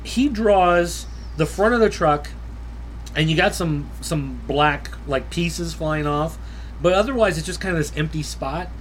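A man co-hosting a comic book chat, quick with wry, joking remarks. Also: a little high, slight background noise, rough recording. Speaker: comic book podcast co-host. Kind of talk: casual chat.

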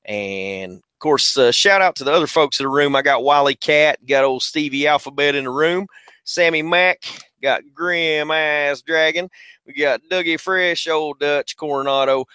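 A man's voice: on the high side, normal speed, clear, resonant tone, no room sound. A man with a Southern US accent hosting a casual livestream podcast on a headset, laid-back and slangy as he greets viewers by name. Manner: laid-back, slangy, shouting out chat names. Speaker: podcast host.

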